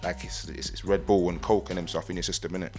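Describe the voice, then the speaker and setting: A man's voice: deep voice, level tone, quick pace, a little mellow, faint music behind. A young man chatting in a laid-back interview, tagging nearly every phrase with "innit". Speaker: musician and guest. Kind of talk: casual interview chat.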